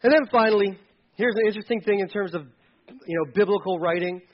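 High-voiced pastor guy preaching, jokey and animated, kinda dull muffled audio. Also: fast talker. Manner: animated, repeats for emphasis, jokes with the congregation. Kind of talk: sermon.

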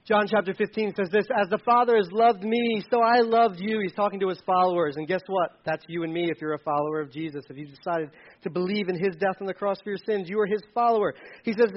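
A man preaching a sermon as pastor, animated, joking with the congregation and repeating key words for emphasis. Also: high voice, quick pace, muffled recording.

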